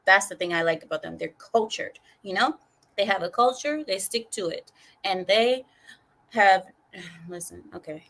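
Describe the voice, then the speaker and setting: A woman's voice: mid-range voice, normal speed, fairly bright tone. A woman hosting a casual livestream, reading chat comments aloud in a chatty, rambling way and laughing often.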